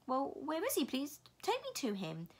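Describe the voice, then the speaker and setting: Woman voicing impatient anxious girl, urgent pleading, high raised voice, storybook. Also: wildly swooping pitch, normal speed, exaggerated voice.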